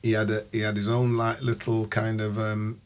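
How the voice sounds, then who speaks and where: A middle-aged man, a podcast guest telling lively anecdotes in casual chat and often repeating words. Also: fairly low pitch, normal speed, slight background noise. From Sheffield, England.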